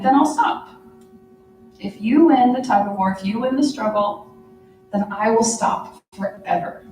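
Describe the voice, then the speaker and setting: A woman's voice: mid-range voice, a little mellow, a little hiss or hum. A woman voicing a taunting ogre monster that offers a bargain in a mocking tone. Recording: echoey room, mic far off.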